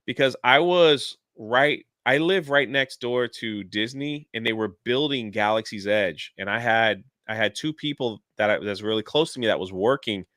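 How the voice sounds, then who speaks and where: A man on a livestream telling a long story in an animated, chatty way, jumping in and out of quotes. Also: mid-range voice, moderate pace, hardly any pauses, dry recording, clean studio sound. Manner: animated, jumps into quoted voices. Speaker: YouTuber guest. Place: lives near a theme park in Florida.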